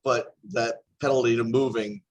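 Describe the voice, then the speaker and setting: Joking, halting man in game chat. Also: mid-range voice, fairly even intonation. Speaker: board game group member. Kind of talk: casual group discussion.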